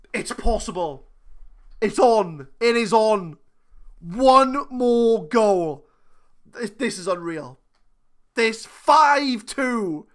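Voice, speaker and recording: With a fairly high-pitched voice, this woman hosts a gaming channel and gives live commentary on her football management game, thinking aloud as she swings from muttering to yelling.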